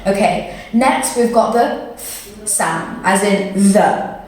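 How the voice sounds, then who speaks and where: A young British woman teaching English pronunciation, with slow, patient, encouraging drills. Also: medium pitch, a little mellow. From Britain. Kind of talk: pronunciation lesson. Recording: very echoey room, mic far off, faint noise.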